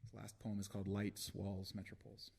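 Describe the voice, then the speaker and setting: A man giving a live reading of his own poetry at a book launch, slow and deliberate with long pauses between phrases. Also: fairly low pitch, monotone, gravelly, a little mellow, slightly rough. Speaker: poet reading his work.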